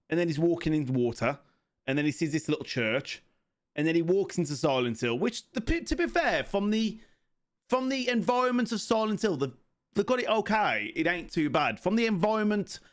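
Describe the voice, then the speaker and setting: A man giving an off-the-cuff film review, rambling and swearing constantly, with laughing asides. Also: on the high side.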